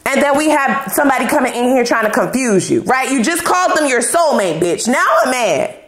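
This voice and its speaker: A woman's voice: sits high, brisk, reverberant. Blunt, profane woman tarot reader. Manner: blunt, profane, slangy and animated. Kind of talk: casual tarot reading to camera.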